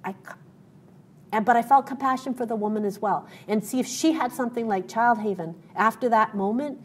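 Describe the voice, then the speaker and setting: A woman's voice: on the high side, fairly quick, a little hiss or hum. A woman guest in an interview, telling a personal story in an earnest way, with many fillers and restarts.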